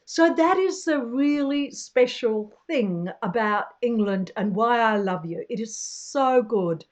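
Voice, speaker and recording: A woman in her sixties, a travel vlogger chatting to camera in a chatty, animated way and laughing often. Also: fairly high pitch, slow. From Australia. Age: 60s. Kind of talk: casual chat to camera.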